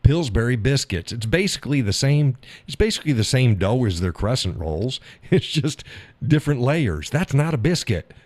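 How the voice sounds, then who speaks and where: A man's voice: mid-range voice, very animated, normal speed, darkish tone, dry recording. A man hosting a live stream, chatting casually with viewers in a folksy, drawling way and laughing often.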